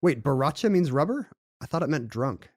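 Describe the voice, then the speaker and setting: A man co-hosting a podcast, telling a story in a jokey, lively chatty way. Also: a little high, a little fast, slightly rough, no room sound, clean studio sound. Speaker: podcast co-host. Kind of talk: casual conversational podcast chat.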